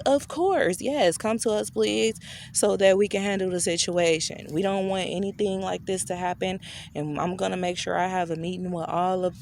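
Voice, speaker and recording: A woman vlogger telling a personal story in a casual, chatty way, talking straight to her viewers and acting out the dialogue. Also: slight background noise. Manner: chatty, addresses viewers directly; acts out quoted dialogue with shifting pitch.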